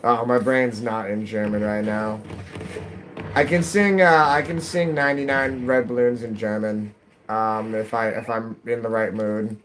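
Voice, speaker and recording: A man's voice: on the low side, steady tone, unhurried, fairly bright tone, slight background noise. A middle-aged man chatting casually while streaming a game at home, rambling and restarting, his nose a little stuffy. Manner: rambling, self-interrupting, chatty. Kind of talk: casual chat while gaming.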